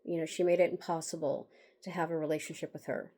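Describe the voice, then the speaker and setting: A woman's voice: deep voice, fairly even intonation, fast talker, warm tone. A woman telling a bitter personal story in a candid vlog monologue, sighing and laughing wryly as she rambles. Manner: bitter, emotional, with wry laughs and sighs; rambling with restarts and fillers. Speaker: author talking about her book.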